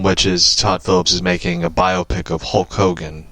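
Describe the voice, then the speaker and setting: A man's voice: low-pitched, normal speed, a bit bright, no echo. A man rambling casually through news and geek topics, loose and profane, with frequent restarts. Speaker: vlogger.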